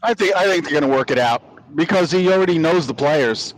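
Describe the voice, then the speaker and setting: A man's voice: fairly high pitch, expressive, brisk, rough recording. A man in his sixties, a sports podcast host, chatting casually and rambling through stories with many restarts. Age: 60s. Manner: rambling storyteller, lots of restarts and "you know".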